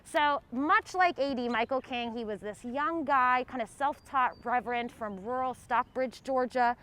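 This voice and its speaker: Lively woman telling stories on a walking tour. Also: sits high, measured pace. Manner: lively, casual storyteller addressing the group. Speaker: tour guide. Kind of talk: storytelling on a guided walking tour. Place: outdoors on a city street.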